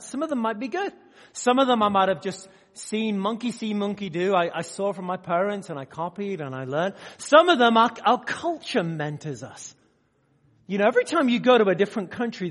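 A man preaching a sermon to a live audience, swinging between loud emphatic bursts and quiet asides and often putting questions to the room. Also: high-pitched. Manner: asks the audience direct questions. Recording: long hall reverb.

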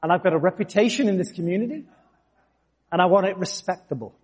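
A man quoting a nervous Baptist pastor who wants things neat and respectable, in a hushed, hurried voice. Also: high voice, lively intonation, breathy edge. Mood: pleading.

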